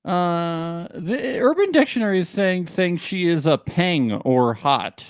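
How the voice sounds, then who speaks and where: A man's voice: sits high, animated, takes it slowly, clean tone, no room sound, studio quality. A man co-hosting a casual show recap podcast, jokey and laughing often. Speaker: podcast co-host.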